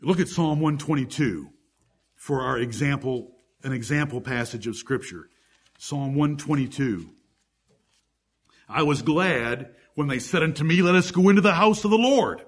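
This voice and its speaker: Husky-voiced man preaching a sermon. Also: fairly high pitch, expressive, normal speed. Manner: preaching, reading scripture aloud with emphasis. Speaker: pastor.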